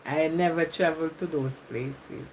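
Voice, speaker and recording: A woman's voice: deep voice, fairly even intonation, normal speed, background noise. A Jamaican woman chatting with viewers on a live stream, reading comments aloud and laughing often. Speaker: YouTuber.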